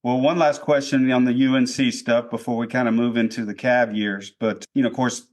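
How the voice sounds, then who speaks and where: A man in his fifties co-hosts a podcast in an easygoing, casual tone. His voice sits at a middle pitch, and he reacts quickly with laughs. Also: fairly even intonation. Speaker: podcast co-host. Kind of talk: casual chat.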